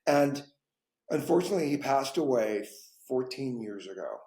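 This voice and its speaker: A man who is an actor, telling stories in a casual conversation, lively and expressive. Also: mid-range voice, normal speed. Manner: animated storyteller, voice rising and dropping through anecdotes. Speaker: guest actor. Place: home, dog nearby. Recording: echoey room.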